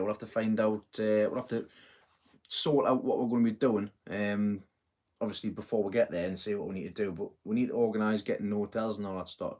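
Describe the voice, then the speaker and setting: A middle-aged man hosting a casual live stream, chatting in a rambling way, full of fillers and self-corrections. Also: on the low side. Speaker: host of a live gardening stream.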